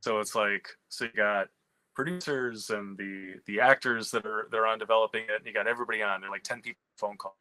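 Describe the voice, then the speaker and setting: A man, a screenwriter and comic writer, telling a candid story in an animated, profane way with many restarts. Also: fairly low pitch, fairly quick, dry recording, poor audio.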